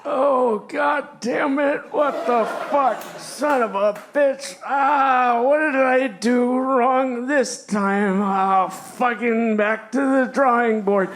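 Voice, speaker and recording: A man's voice: very high voice, slow, hardly any pauses, background noise, voice pushed up. A man playing a cursing, fed-up home whiskey brewer. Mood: exasperated. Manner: shouting, cursing, exasperated. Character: frustrated middle-aged man brewing bad homemade whiskey. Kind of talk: stand-up comedy bit.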